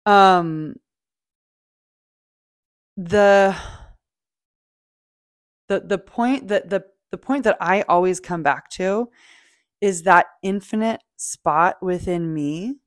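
A woman hosting a podcast, talking in a casual, animated motivational monologue, swearing freely and acting out feelings. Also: on the low side, very slow, pauses often, dry recording, clean studio sound. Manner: animated, swearing, playful, acts out quoted feelings. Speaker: podcast host.

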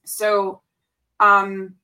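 A woman's voice: medium pitch, drawn-out words, clear, resonant tone. A woman in her thirties, a podcast guest, talking candidly in casual conversation and mixing in Spanish phrases. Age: 30s. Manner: candid, animated storytelling with frequent fillers and Spanish phrases.

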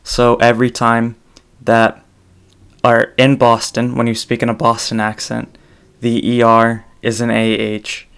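Male solo podcaster, casual monologue; gravelly, flat delivery that wanders and self-corrects. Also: medium pitch, a little slow.

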